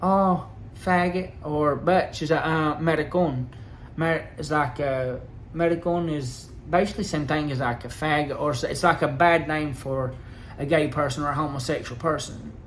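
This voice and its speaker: Man, fairly high voice, rambling and aggrieved, lots of halting fillers; personal vlog. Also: steady tone, fairly bright tone, slight background noise. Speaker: vlogger. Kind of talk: casual personal storytelling.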